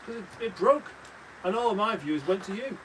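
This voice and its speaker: This British co-host's voice sits high and a bit bright, animated and fairly quick as he teases his friends playfully. The casual livestream is shot in a caravan with noisy audio.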